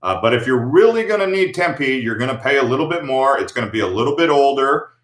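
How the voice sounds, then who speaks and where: A man's voice: mid-range voice, lively intonation, quick pace, fairly bright tone. An American man hosting a livestream, chatting casually and in a laid-back, slangy way while answering viewer comments. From United States. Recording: echoey room.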